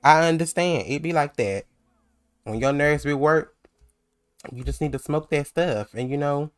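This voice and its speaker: A man's voice: fairly high pitch, a little slow, long pauses, clean tone, soft background music. A man casually commenting on a life-sim game he plays, chatty and full of slang. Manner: chatty, slangy, laughs easily. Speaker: let's play host.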